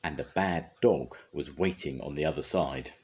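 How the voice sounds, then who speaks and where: An older man reading a picture book aloud for his grandchildren, lively and expressive. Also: extremely low pitch, normal speed, slight background noise. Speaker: grandfather storyteller.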